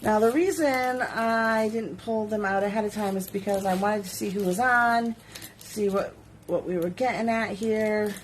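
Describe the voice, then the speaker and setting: With fairly even intonation and a medium pitch, a woman who makes jewelry talks at normal speed on a casual live sales stream from her home studio. She chats, giggles, and reads out viewer comments, with slight background noise.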